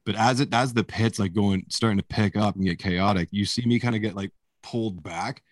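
A man's voice: on the low side, fairly quick, dry recording. A man being interviewed as a musician, telling stories in a rambling, casual way, swearing often and laughing as he goes. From Canada. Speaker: musician guest.

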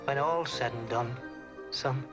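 Soft-spoken apologetic father, slow and gentle, loud film music underneath. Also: medium pitch. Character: apologetic middle-aged father pleading with his son.

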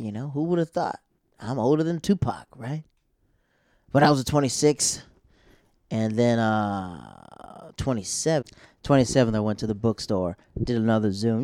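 Casual male comic in his thirties, mid-pitched, rambling slangy storyteller, close dry mic. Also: darkish tone, dry recording. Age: 30s. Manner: loose, slangy, rambling with many fillers. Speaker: stand-up comedian.

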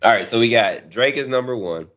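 A podcast co-host with a mid-range, slightly bright voice and lively intonation chats loosely and fairly quickly, trading crude jokes and banter. The recording has a dull, lo-fi sound.

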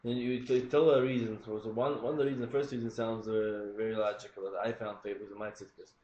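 A man in a text class asking questions, halting and repeating himself. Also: fairly low pitch, fairly even intonation, warm tone, roomy sound, highs cut off, a little hiss or hum. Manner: hesitant, halting, repeats words. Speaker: student in the class. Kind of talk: questioning discussion.

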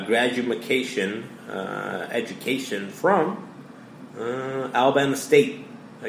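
A man from Connecticut co-hosting a podcast, chatting casually and playfully about sports and music, excitable as he spars with his co-host. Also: mid-range voice. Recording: roomy echo, faint background hiss.

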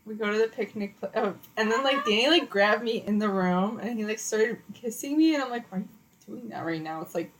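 Young woman podcast co-host, chatty storyteller, slightly high voice, casual filler-heavy delivery. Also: brisk, hardly any pauses, poor audio. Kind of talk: casual chat.

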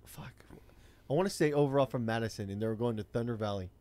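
A man's voice: mid-range voice, very fast, dark tone. A man, telling a rideshare-driving story in blunt, profane casual chat.

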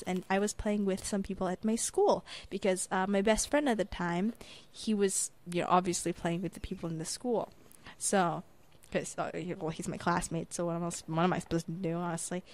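A woman's voice: lowish voice, moderate pace. A young woman co-hosting a podcast, telling a story in casual chat and acting out the people in it. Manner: animated storyteller, acts out voices in quotes. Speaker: podcast co-host.

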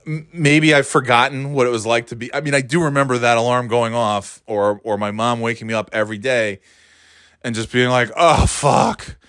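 Regular-pitched guy rambling thru an old story, keeps restarting and laughing, dead dry sound. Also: fairly even intonation, a little fast, a bit bright, clean tone, no echo. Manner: rambling, self-interrupting, laughs often. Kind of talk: casual storytelling monologue.

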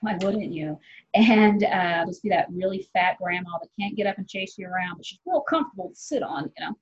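A woman in her forties, a comedian guest, chatting casually and candidly, rambling and swearing freely with quick laughs. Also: mid-range voice, slightly rough. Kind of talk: casual podcast chat. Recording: dull lo-fi sound.

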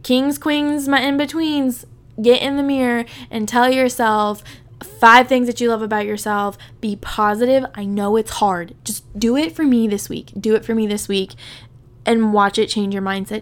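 A woman's voice: on the high side, steady tone, moderate pace. Gushing, foul-mouthed woman podcast host. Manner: gushing, profane, peppered with "like". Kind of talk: casual solo podcast talk.

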